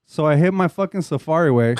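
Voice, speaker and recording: A man's voice: fairly high pitch, expressive, fast talker, a little mellow, clean tone. A man with a Chicano English accent, a podcast host telling a long casual story, profane and laid-back, slipping Spanish slang in.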